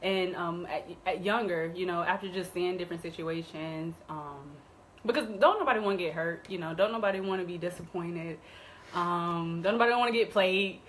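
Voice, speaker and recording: A young woman co-hosting a casual live talk show, speaking haltingly and softly with many pauses and fillers. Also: fairly low pitch, slight background noise, rough recording. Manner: halting, soft-spoken, many ums. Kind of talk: casual live-stream chat.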